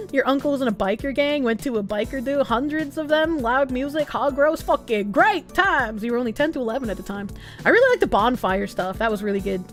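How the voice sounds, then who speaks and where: A woman's voice: sits high, very animated, moderate pace, soft background music. A young woman livestreamer in casual chat, reading viewer messages aloud, laughing often and swearing freely.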